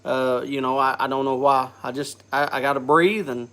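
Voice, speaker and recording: A man's voice: mid-range voice, fairly even intonation, fairly bright tone. A man hosting a casual live chat, congested from a cold, coughing and often restarting his sentences. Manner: halting, restarts with repeated words. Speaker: host.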